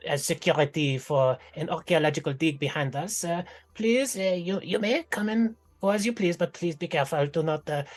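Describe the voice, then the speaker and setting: A man voicing a polite, formal female camp guard who talks in halting, filler-laden phrases. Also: sits high, pitched above the performer's own voice, natural voice. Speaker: game master voicing a character.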